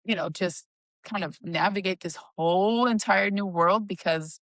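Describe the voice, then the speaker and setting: A woman's voice: mid-range voice, moderate pace, a bit bright, no room sound. A young adult woman telling her own story with emotion, acting out the dialogue. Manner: emotional, retelling dialogue with "I was like". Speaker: cancer survivor guest. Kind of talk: personal storytelling.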